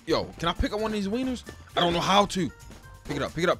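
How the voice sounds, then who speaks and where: Fast, excitable gaming commentator man. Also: high-pitched. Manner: profane, trash-talking, excitable. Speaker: gaming channel host. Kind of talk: casual gameplay commentary. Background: game music.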